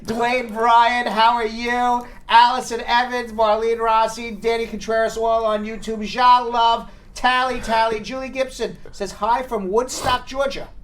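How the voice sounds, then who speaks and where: A man's voice: very high-pitched, flat delivery, a little slow, hardly any pauses, fairly bright tone, slight background noise. A man with a Long Island New York accent hosting a casual live talk show, upbeat as he reads out viewer names and greetings. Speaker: host.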